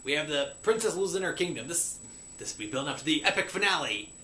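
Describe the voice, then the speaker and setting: A man recapping a cartoon episode in a playful pirate persona, saying "be" for "is" and slipping into quick voices for the characters. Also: a little high, lively intonation, sharp tone. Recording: echoey room with faint hiss.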